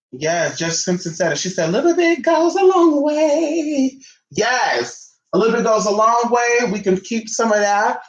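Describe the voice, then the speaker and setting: The audio is dull and echoey, carrying a man's high voice as he hosts a ritual tutorial live. Flamboyant and sassy, he calls people honey and chats back to his viewers' comments.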